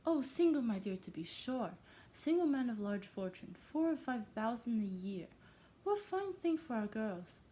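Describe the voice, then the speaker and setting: An excitable, pushy middle-aged mother, gossiping with shrill, insistent eagerness in a high voice, as a woman reader puts her on. Her tone is mellow and warm beneath the strain. It comes from a storybook reading by a non-native English speaker. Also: moderate pace. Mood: eager. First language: not English.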